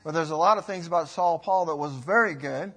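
A middle-aged man preaching a sermon in a folksy, rambling way, rising to loud bursts when he quotes. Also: on the high side, fairly quick.

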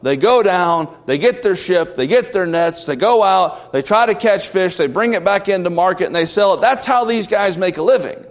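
A male pastor preaching a sermon in a church, emphatic and questioning the congregation. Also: a little high. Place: church sanctuary. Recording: long reverb of a large church.

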